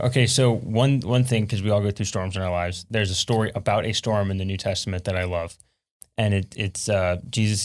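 Man, lowish voice, relaxed storytelling, faith podcast host. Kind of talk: storytelling a Bible passage.

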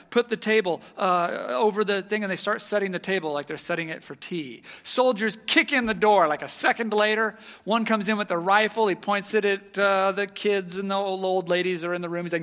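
A man preaching a sermon, telling a story with animated energy and dropping to a hush at the tense moments. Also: sits high.

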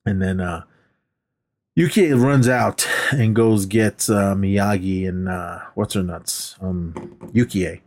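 Low-voiced man recapping a movie. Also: slow pace, darkish tone. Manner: rambling retelling, acts out lines in a raised voice. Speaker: podcast co-host. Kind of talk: casual movie recap chat.

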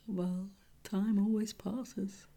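Mellow-voiced woman, teasing podcast host. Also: mid-range voice, steady tone, extremely slow, gravelly. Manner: teasing, laughs often. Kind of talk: casual chat.

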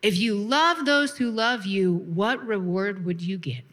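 A woman pastor preaching a lively sermon, laughing now and then and calling for responses from the congregation. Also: medium pitch, a little slow.

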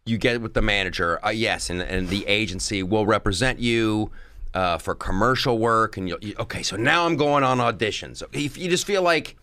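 Male comic guest, expressive storyteller with a bright, sharp tone, on a dry recording. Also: on the low side, moderate pace, dry recording. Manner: animated, acts out impressions. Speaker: comedian guest. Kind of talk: casual interview storytelling.

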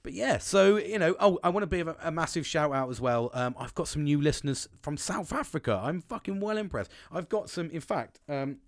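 Sweary podcaster, dry close sound. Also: male voice, on the high side, lively intonation, fairly quick, few pauses, no echo. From England. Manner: blunt and sweary, rambling with frequent restarts. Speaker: podcast host. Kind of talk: casual solo podcast monologue. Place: small wooden shed. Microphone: close podcast mic.

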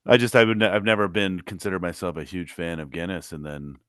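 A man's voice: low voice, fast, clean tone, no room sound. A man co-hosting a podcast, chatting casually and telling stories with a dry, joking manner. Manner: dry, joking, relaxed storyteller. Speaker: podcast co-host. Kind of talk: casual chat. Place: podcast studio.

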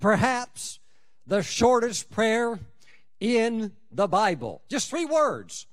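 A man preaching a sermon, emphatic, with dramatic swings in loudness and pitch. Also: sing-song, slow. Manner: acts out prayers and scripture in quoted voices.

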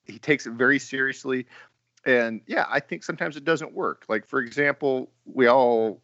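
A man's voice: mid-range voice, moderate pace, a bit bright, no echo, highs cut off. A man hosting a casual film discussion podcast and steering the talk. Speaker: podcast host.

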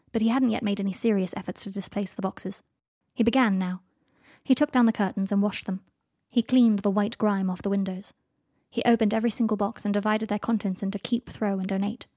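A woman reading a fan fiction story aloud as narrator, in steady, even storytelling. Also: medium pitch, no room sound, clean studio sound. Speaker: audiobook narrator.

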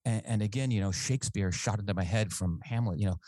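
A man, a physician and author, telling his story as a guest in a radio interview, earnest and measured with small restarts. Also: on the low side, mellow, no echo, low-quality recording.

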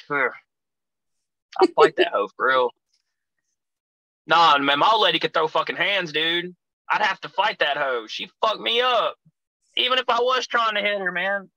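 Bright, profane young man, dry sound. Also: high voice, animated, moderate pace, pauses often, dry recording, poor audio. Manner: crude, profane, rambling storyteller. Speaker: guest, wrestling figure. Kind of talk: casual chat.

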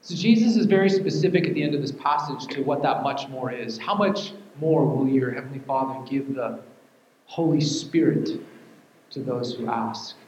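A man's voice: medium pitch, normal speed, a little mellow, a little hiss or hum. A man preaching a sermon, repeating key words and building to fervent, almost sung emphasis. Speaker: pastor. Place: church. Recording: echoey hall, dull sound.

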